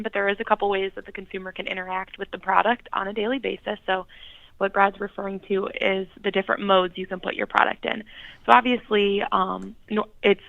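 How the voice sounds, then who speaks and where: A woman guest walks a listener through how a product works, steady and explanatory. Her voice comes over a tinny phone line and sounds dry and close. She keeps a fairly flat tone with a slightly gravelly edge. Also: medium pitch, no echo. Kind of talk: radio interview.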